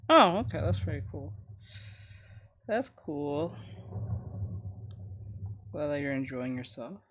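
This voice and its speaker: A man streaming live while he draws, chatting casually and muttering to himself in a relaxed way. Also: a little high, takes it slowly. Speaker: art streamer. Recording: dull lo-fi stream audio with faint noise.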